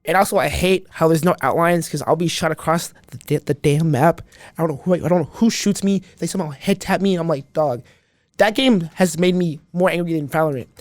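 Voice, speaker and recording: A man's voice: on the high side, quick pace, no echo. A man guest on a podcast, chatting casually and animatedly, rambling with lots of restarts. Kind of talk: casual chat.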